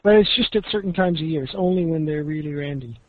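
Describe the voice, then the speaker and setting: A man's voice: on the high side, quick pace, narrow, tinny audio. A man co-hosting a podcast, telling a travel story in a rambling, casual way with laughs. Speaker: podcast co-host.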